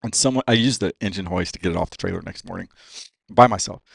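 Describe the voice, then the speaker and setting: A man's voice: low voice, fast talker, gravelly, husky, no echo. A man talking as a guest on a podcast, casual and profane, saying "dude" all the time. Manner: profane, says "dude" constantly. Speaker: racing driver guest. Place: podcast studio.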